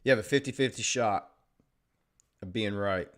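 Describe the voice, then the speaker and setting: A man with a lowish voice and moderate pace chats casually with viewers on his trading livestream, reading their comments aloud and keeping things sarcastic and jokey.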